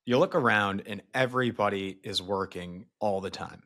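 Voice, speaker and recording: A man's voice: fairly low pitch, moderate pace, a bit bright. A man hosting a casual interview, reacting with interest and asking follow-up questions. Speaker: podcast host.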